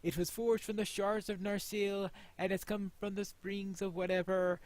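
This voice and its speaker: A man voicing a stately ancient elf lord, reading game dialogue in a slow, formal, lowered voice. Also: little pitch movement, a little mellow, natural voice. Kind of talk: reading quest dialogue aloud.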